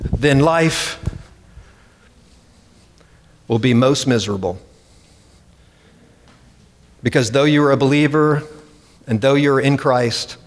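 Emphatic male preacher in a reverberant hall. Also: medium pitch. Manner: emphatic, dramatic quoting. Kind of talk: sermon.

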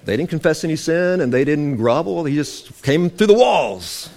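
Animated man preaching with a lively voice. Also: fairly high pitch, moderate pace, creaky, hardly any pauses. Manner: animated, emphatic, quoting scripture with rising and falling voice. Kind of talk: sermon-style teaching.

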